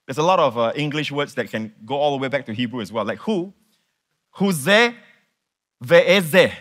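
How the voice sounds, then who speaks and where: A man preaching a sermon to a congregation, animated and emphatic, repeating words and putting questions to his listeners. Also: medium pitch, fast. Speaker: pastor.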